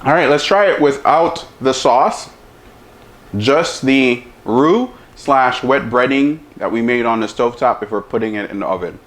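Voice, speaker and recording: Slow-talking chef savoring his food. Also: mid-range voice. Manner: talks with mouth full, lots of savoring hums; slow, relaxed delivery. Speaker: chef, cooking show host. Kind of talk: casual cooking demo and taste test.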